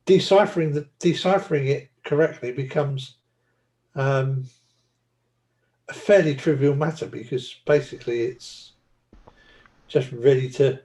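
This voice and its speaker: Slow-talking man explaining. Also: medium pitch, mellow. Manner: halting, restarts while explaining. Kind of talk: casual chat.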